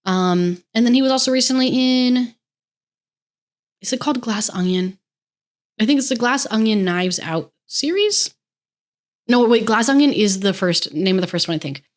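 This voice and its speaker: A woman's voice: a little high, animated, moderate pace, long pauses. A young American woman hosting a podcast, chatting on her own in a gushing, rambling way and swearing freely. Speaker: podcast host. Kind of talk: casual solo podcast chat.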